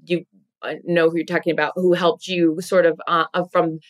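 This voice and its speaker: A woman's voice: fairly low pitch, level tone, moderate pace. A woman hosting a podcast in casual chat, talking in a chatty way with many fillers. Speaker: podcast host.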